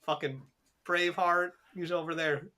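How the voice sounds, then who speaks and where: A young man with a bright, cutting voice that sits a little high for a man, co-hosting a podcast. He rambles through jokey tangents and swears constantly in loose, casual chat. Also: steady tone, normal speed. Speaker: podcast co-host.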